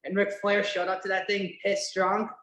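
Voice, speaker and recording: A woman hosting a casual podcast, talking at a middle pitch and rambling through fillers, restarts and the odd swear word. Her voice rings in a roomy, echoey space. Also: little pitch movement, moderate pace, fairly bright tone. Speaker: podcast host. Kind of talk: casual chat, watch-along podcast. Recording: roomy echo.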